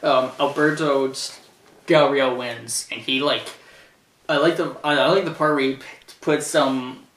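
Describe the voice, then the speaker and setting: A man hosting a casual review, rambling and hesitant with many fillers and restarts, breaking into loud shouted impressions as he retells the action. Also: medium pitch. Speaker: show host reviewing a wrestling event. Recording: roomy, distant from the mic, faint noise.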